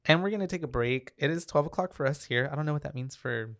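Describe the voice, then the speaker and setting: Man, podcast co-host, casual movie chat, relaxed, agreeable, smooth voice, dry room. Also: on the high side, quick pace, no room sound. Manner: relaxed, agreeable, frequent "mm-hmm" and "um".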